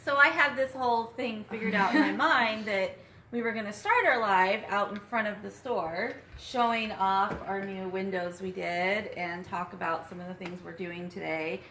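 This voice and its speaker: A woman's voice: medium pitch, normal speed, sharp tone. Middle-aged woman chiming in. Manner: supportive, chiming in with short asides. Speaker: co-host, the mother. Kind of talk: casual live-stream chat. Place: inside a small shop. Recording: echoey room with faint noise.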